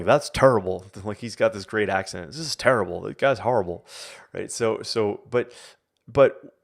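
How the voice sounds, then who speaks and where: Rambling low-voiced man hosting a Q&A. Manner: rambling, many fillers and restarts, animated quotes. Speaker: coach and host. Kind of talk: casual live Q&A talk.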